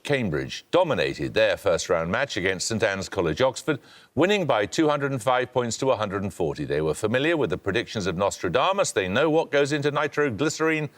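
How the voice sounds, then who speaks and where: A man hosting a televised quiz with crisp, formal delivery. His pitch rises and falls widely as he reads out the questions and scores. He sounds precise and firmly in command. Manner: brisk, precise, authoritative. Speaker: quiz show host.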